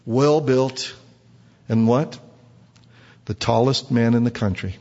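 A man's voice: mid-range voice, darkish tone. A man preaching a sermon who quizzes the congregation and acts out quotes. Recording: dull recording with long hall reverb.

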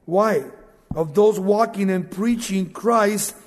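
A man's voice: high-pitched, slow pace, big-room sound. A male pastor preaching a sermon, telling stories with animation and asking the congregation questions.

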